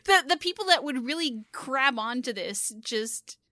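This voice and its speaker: A woman YouTuber chatting casually on a gaming podcast, animated and quick to laugh. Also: sits high, dry recording, clean studio sound.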